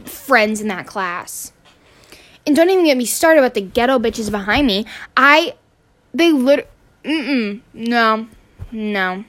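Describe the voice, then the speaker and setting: A woman's voice: on the high side, lively intonation, unhurried, fairly bright tone. A teenage girl ranting casually on her podcast, exasperated and swearing, rambling with restarts. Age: teens. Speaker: student podcaster.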